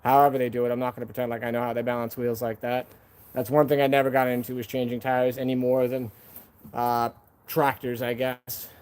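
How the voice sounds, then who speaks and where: A man's voice: mid-range voice, flat delivery, brisk, a little mellow, clean tone. A man hosting a casual live stream from home. He talks to viewers in a laid-back, slangy way, calling them "man" and "dude".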